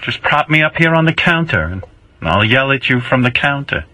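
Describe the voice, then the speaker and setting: A man's voice: medium pitch, lively intonation, moderate pace, pushed and bright, dry recording, pitched above the performer's own voice, poor audio. A man playing a nagging, guilt-tripping older mother who acts like a martyr, whining and repeating the same complaints in a comic improvised bit. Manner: whiny, theatrical, repeats complaints.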